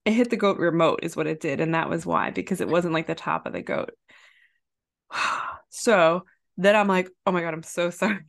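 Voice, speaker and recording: Woman doing chatty storyteller, lively, laughs through her anecdote, spikes up for quoted outbursts. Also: moderate pace, vocal fry. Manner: animated, jumps high when quoting herself; lots of fillers and restarts, laughs while telling. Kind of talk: casual chat, anecdote.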